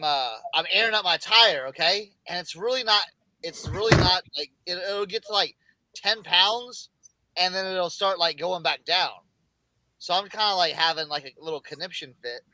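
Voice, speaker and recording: A middle-aged man hosting a casual reseller chat, telling a rambling, animated anecdote full of restarts. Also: high-pitched, no room sound, rough recording. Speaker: reseller podcast host.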